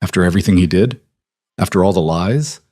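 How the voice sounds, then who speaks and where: A man's voice: low-pitched, fairly quick, a little mellow, no echo, studio quality. A man voicing a bitter, desperate young nobleman in an audiobook romance, hollow and proud.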